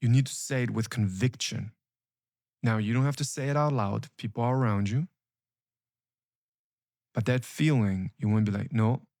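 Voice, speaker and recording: Male coach, emphatic and repetitive, mid pitch, dry close recording. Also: moderate pace, gravelly, long pauses, darkish tone, dry recording. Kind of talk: motivational coaching talk.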